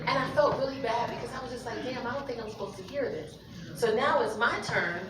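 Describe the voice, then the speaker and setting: Woman comic telling a loud, animated story. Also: a little high, fast. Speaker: stand-up comic. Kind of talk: stand-up comedy set. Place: comedy club stage. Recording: roomy, distant club recording with loud crowd. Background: audience laughter and room noise.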